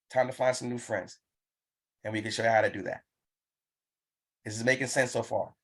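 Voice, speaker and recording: A man's voice: medium pitch, creaky, husky. Male business trainer, live online session, emphatic and repetitive, pushes the audience to act. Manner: pumped-up, urging.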